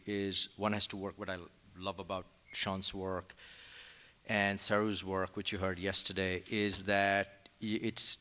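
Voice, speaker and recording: Panelist, male, Indian accent, lowish voice, hesitant and thoughtful delivery. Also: sharp tone. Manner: hesitant, many fillers and restarts. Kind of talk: academic panel response. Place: conference hall.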